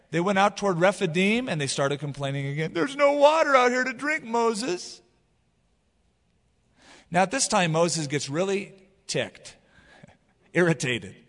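A man preaching a sermon as pastor, retelling scripture in a casual, animated way. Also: on the high side, long reverb tail. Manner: casual, animated storytelling with paraphrase.

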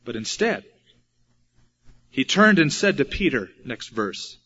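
A man's voice: sing-song, slow pace, long pauses, bright, forceful tone, breathy edge. A man preaching a sermon, acting out the quotes in his story with swings in volume. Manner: dramatic, acts out quotes with shifting pitch and volume. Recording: dull lo-fi recording.

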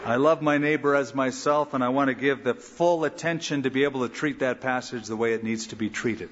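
Middle-aged male pastor, emphatic preacher, slightly husky, raised pitch, lo-fi sanctuary recording with long echo. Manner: animated, emphatic preaching with dramatic pauses and asides. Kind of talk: verse-by-verse sermon with closing prayer. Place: large church sanctuary. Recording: dull lo-fi recording with long hall reverb.

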